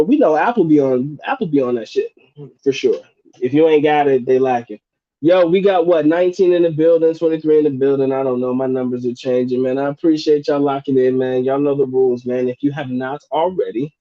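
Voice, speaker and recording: A man's voice: medium pitch, dark tone, dry recording, lo-fi sound. A man hosting a live Q&A stream, reading out chat questions in a casual, joking, slangy way with frequent laughs. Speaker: livestream host answering chat questions.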